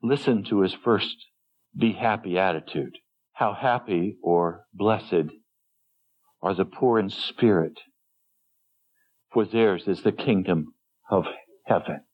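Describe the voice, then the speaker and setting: A man preaching a sermon as pastor, earnest and gentle, lifting his voice when quoting others. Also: deep voice, slow, long pauses, slightly rough. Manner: gentle, earnest storytelling with sudden lifts for quoted voices. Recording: dull lo-fi sermon recording.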